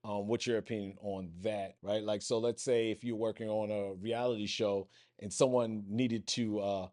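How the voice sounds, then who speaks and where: A man's voice: fairly low pitch, steady tone, normal speed, darkish tone. A man with a New York accent, co-hosting a casual podcast chat and often checking in with "right?". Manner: conversational, rambling with many "right?" checks. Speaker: podcast co-host.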